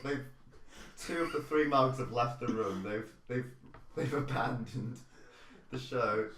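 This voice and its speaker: Slow, rambling man in an echoey room. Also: mid-range voice, fairly bright tone, slight background noise. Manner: slow, rambling, laughs often. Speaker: podcast co-host. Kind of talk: casual chat.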